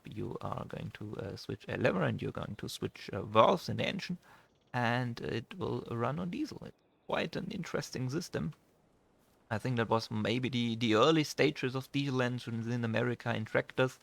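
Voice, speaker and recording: With a gravelly, slightly bright voice of medium pitch, a young native German speaker with a German accent gives casual commentary on a farming game let's play. He pauses a lot, searching for words, and the recording is dry.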